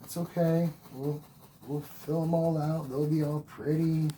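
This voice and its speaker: A painting instructor with a slightly high, dark voice speaks at a measured pace with little pitch movement. He walks the viewer through each oil stroke, encouraging and repetitive, occasionally moving away from the mic. The relaxed tutorial carries faint background noise.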